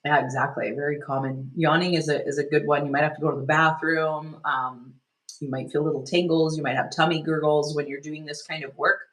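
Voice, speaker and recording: A woman leading a live online healing workshop, talking gently and loosely, with many restarts and fillers as she guides a self-care technique. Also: sits low, fairly even intonation, a little fast, poor audio. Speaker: energy healing teacher.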